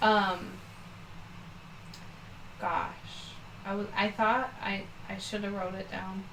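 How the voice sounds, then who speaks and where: A woman's voice: mid-range voice, flat delivery, takes it slowly, fairly bright tone, far from the mic, slight background noise. Teasing woman co-host, roomy sound. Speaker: podcast co-host. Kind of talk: casual chat.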